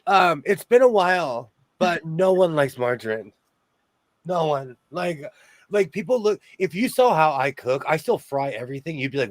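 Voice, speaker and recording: A man's voice: a little high, a little slow, no room sound. A man hosting a casual sewing chat, jokey and chatty, laughing often. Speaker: host of a sewing chat show.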